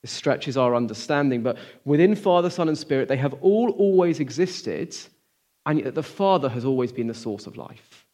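An earnest man delivering a sermon in a middle-pitched voice. He poses questions to his listeners and presses his points with emphasis. Then he drops to a soft, near-whispered hush. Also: expressive, normal speed. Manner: swings from emphatic to hushed, near-whispered lines. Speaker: preacher.

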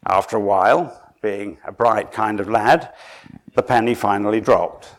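A man's voice: on the low side, a little slow. Dramatic preacher, a man from Suffolk. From Suffolk, England. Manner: dramatic storytelling, drops to a hush then rises for emphasis. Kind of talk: sermon.

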